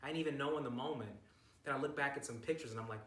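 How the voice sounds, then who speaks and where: A man's voice: medium pitch, very fast, fairly bright tone. Hyped, profane young man vlogging from a distance. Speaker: bodybuilder vlogger. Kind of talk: casual recap vlog. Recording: roomy, distant from mic, faint noise.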